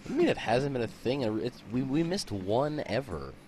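A man's voice: medium pitch, sing-song, a little fast, a little mellow, a little hiss or hum. A man as a podcast guest in casual chat, teasing and tripping over his words.

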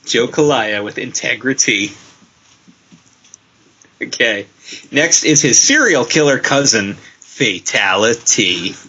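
A man hosting a casual podcast, reading out listener entries in a deadpan way and laughing often. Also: mid-range voice, slow pace, long pauses, breathy edge. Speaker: podcast host. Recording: dull lo-fi sound.

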